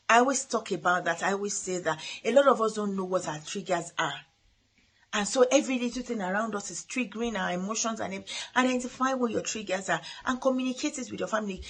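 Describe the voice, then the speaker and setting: With a mid-range, slightly bright voice that has a bit of roughness, a middle-aged parenting podcast host offers earnest advice. Her motivational talk features frequent restarts.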